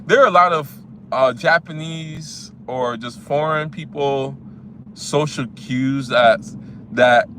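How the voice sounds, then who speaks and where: A man's voice: mid-range voice, slow. A man in his twenties from the United States, casually telling a story about a date, rambling with many fillers and restarts. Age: 20s. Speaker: vlogger. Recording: loud traffic noise behind.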